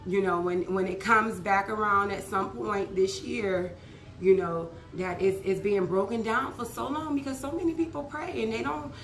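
A woman fitness instructor with a hoarse voice, chatting casually and upbeat to her viewers after a workout and drifting into preachy testimony. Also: medium pitch, steady tone, moderate pace, fairly bright tone, reverberant, slight background noise.

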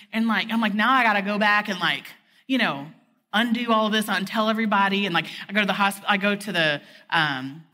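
Her mid-range voice sounds pushed and bright as she gives a conversational, frank sermon on a conference stage, sprinkling "like" throughout. A long reverb from the big hall trails her words.

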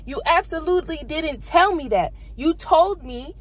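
A woman's voice: high voice, expressive, unhurried, few pauses, low-quality recording. A young woman, venting exasperated rants to her vlog camera from her car. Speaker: vlogger.

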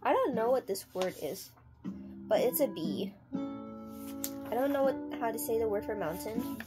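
A woman hosting a casual unboxing vlog, chatty and halting, slowly sounding out words as she goes. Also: a little high, lively intonation, music in the background. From United States. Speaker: channel host.

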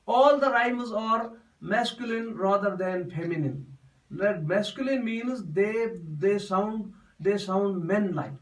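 A man's voice: high-pitched, slow pace, recorded from a distance, poor audio. A man giving a classroom poetry lesson, explaining step by step and repeating himself often. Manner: repetitive, explains step by step with many restarts. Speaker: teacher.

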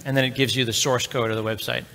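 A man's voice: mid-range voice, level tone, quick pace, creaky, pushed and bright. A middle-aged man giving a live conference tech talk, telling a story in a chatty, joking way and speaking straight to the crowd. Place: large conference hall. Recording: long reverb of a large hall.

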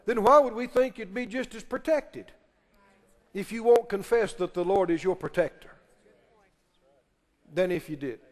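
A pastor preaching a sermon in a church, emphatic and pressing the congregation with questions and call-and-response. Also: male voice, sits high, moderate pace, pauses often. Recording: long reverb of a large hall.

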